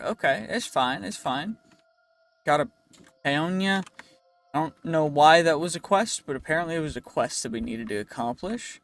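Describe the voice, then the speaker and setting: A man's voice: a little high, a bit bright. A young man chatting playfully and rambling as he narrates his modded game, dropping goofy phrases now and then. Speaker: gaming video creator. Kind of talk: casual Minecraft let's-play commentary.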